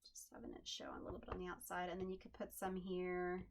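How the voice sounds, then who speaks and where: A woman's voice: on the low side, completely flat delivery, fast. A woman hosting a home craft tutorial, chatting in an upbeat way and thinking aloud as she works at her desk. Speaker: crafting channel host.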